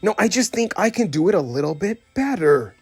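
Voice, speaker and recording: A man's voice: sits high, big pitch swings, fairly quick, a little mellow, slightly rough, no echo, faint music behind, voice pushed up, exaggerated voice. A man doing a self-assured cowboy toy. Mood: bossy. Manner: warning, explaining.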